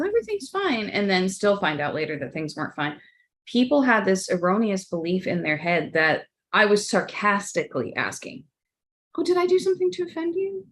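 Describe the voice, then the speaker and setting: A woman on a panel discussion, explaining earnestly and acting out quoted lines. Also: mid-range voice. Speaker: panelist on neurodiversity team.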